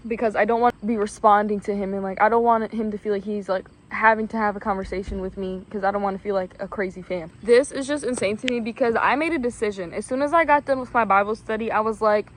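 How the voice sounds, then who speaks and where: A young woman talking in a casual vlog, excitable and gushing, with lots of "like" and "literally". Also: medium pitch, fast, hardly any pauses. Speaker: vlogger.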